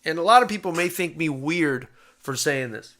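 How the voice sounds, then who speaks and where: A man hosting a live post-fight boxing reaction stream, chatting casually, getting excited and swearing freely. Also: on the high side, normal speed. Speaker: boxing show host.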